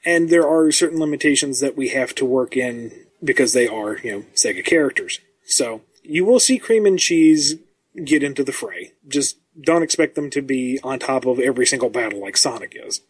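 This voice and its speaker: A man who writes comics, talking as a podcast guest in a measured, self-deprecating way with frequent ums. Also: medium pitch, animated, breathy edge. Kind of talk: casual podcast chat.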